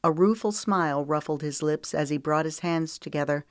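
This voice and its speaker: A woman reads an audiobook, telling the story in a measured, even way. Her voice sits low, and the clean studio sound carries no room noise.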